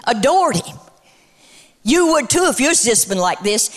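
Middle-aged woman preaching, high voice, rhythmic build-ups, tells stories from the pulpit. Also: sing-song, a little slow. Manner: rhythmic preaching cadence, rising to shouts. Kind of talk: sermon.

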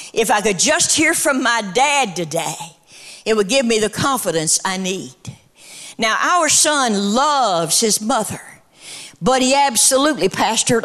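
A middle-aged woman preacher delivering a sermon in a rhythmic cadence that builds to shouts, then shifts into storytelling. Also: a little high.

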